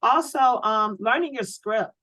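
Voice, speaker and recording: Energetic woman coaching a sales team. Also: on the high side, unhurried, no echo, rough recording. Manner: energetic, preachy coaching with rhetorical questions. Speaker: sales trainer. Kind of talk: training talk on a video call. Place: home office.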